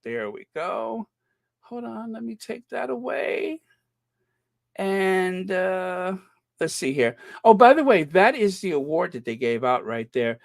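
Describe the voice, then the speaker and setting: Man, American accent, livestream host, rambling casual chat, higher-pitched voice. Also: sing-song, takes it slowly, gravelly. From United States. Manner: chatty, rambling, reads viewer comments aloud.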